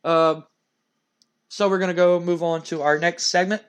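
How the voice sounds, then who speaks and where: A man with a fairly high voice, narrating a game playthrough casually. He rambles, piling on fillers as he talks along. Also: steady tone, moderate pace, smooth. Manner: rambling, many "like" and "and everything" fillers. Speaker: let's-play narrator.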